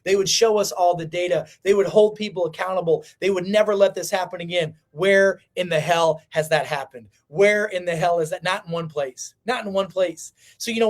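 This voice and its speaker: Fired-up guy w a high voice preaching to his livestream crowd, repeats stuff for punch. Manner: fiery, preachy, repeats lines for emphasis. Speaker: livestream host. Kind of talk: impassioned livestream monologue.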